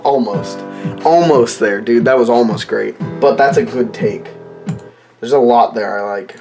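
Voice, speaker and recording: A man's voice: medium pitch, measured pace, darkish tone, soft background music. Goofy young man mock-singing and rambling. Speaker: comedy vlogger recording a song. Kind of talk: joking self-recorded rap session.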